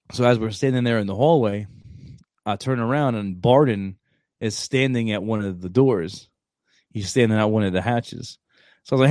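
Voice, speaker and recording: Animated man telling a story, very dry sound. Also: on the low side, a little fast, dry recording. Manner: animated storyteller, acts out quoted dialogue, stumbles and restarts. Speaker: Marine staff sergeant, former recruiter. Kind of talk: casual storytelling chat.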